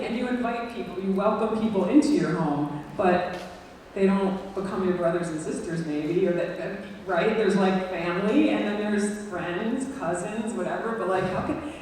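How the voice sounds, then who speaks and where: A woman's voice: medium pitch, moderate pace, darkish tone. A woman professor thinking aloud in a classroom discussion, often checking in with "right?". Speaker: visiting professor. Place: university lecture hall. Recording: echoey hall from far off, faint noise.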